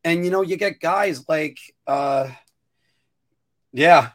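A man co-hosting a casual talk show who rambles, stumbles over restarts and sometimes jumps into a whiny high voice. His usual speaking voice sits a little higher than most men's. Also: slow pace, pauses often. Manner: rambling, self-interrupting, animated with sudden high-pitched whining bursts. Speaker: podcast co-host. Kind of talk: casual chat.

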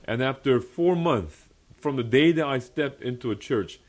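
A young adult male pastor delivers a personal testimony sermon at a fellowship meeting, earnest and emphatic, repeating key phrases and laughing often. His mid-range voice is expressive and moves at a normal speed.

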